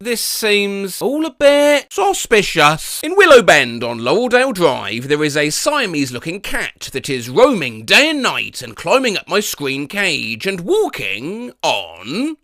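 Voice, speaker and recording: A man reading out neighbourhood posts and joking about them in an animated comedic commentary. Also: a little high, no room sound, studio quality. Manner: animated, jokey, mock voices for posts.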